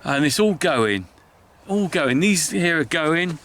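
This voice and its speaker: A man's voice: fairly high pitch, expressive, slow pace, fairly bright tone. A middle-aged man, a farmer vlogging outdoors by his hedgerows, talking in a chatty, heartfelt, rambling way with sighs. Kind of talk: casual walk-and-talk vlog.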